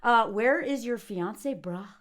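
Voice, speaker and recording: A woman's voice: on the high side, slow pace. A woman reviewing a movie in casual spoken commentary, sarcastic and mocking, chatty with lots of likes and ums.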